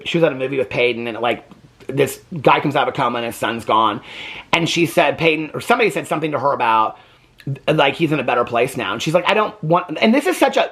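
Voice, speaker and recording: Animated, opinionated male reaction host. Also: fairly high pitch. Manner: animated, blunt and opinionated, swears. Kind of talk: casual reaction commentary.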